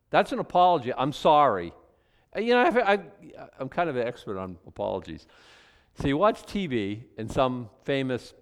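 A man's voice: lowish voice, clean tone. Man teaching scripture with folksy asides. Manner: reads scripture then jokes and comments conversationally; acts out mock apologies in voices. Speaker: preacher. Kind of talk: Bible teaching with casual asides.

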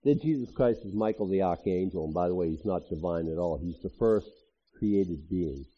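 Lively, husky-voiced man preaching. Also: low-pitched, moderate pace. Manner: conversational, animated preaching with asides. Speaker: pastor. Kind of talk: sermon. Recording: dull lo-fi audio.

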